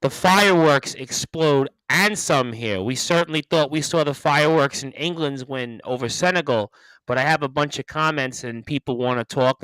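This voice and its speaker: A man's voice: medium pitch, fairly bright tone, no room sound, poor audio. A man hosting a sports radio show, reading listener comments and putting questions to his guests. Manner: reads listener comments aloud, upbeat.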